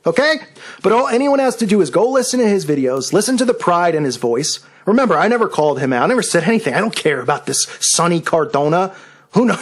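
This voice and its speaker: A man hosting his own channel, delivering a combative, sarcastic rant at a rival. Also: fairly high pitch. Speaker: video channel host. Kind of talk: angry rant video.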